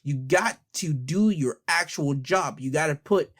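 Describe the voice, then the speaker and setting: A man's voice: fairly high pitch, unhurried, a bit bright. A man hosting an opinion podcast, heated and blunt, hammering the same rhetorical questions and speaking in casual slang while holding back his anger. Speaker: podcast host.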